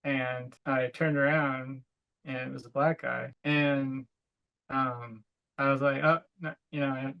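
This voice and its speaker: A man's voice: mid-range voice, flat delivery, slow pace, creaky, lo-fi sound. A young adult man and podcast co-host, chatting casually and telling rambling stories full of "like," sometimes laughing as he goes. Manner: rambling, filler-heavy storytelling with frequent "like". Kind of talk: casual chat.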